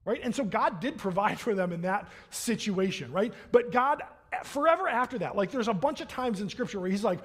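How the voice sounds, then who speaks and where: A man's voice: sits high, animated, fairly quick. A man preaching a sermon as a pastor in a church, in a conversational way that keeps checking in with "right?" and acts out the voices he quotes.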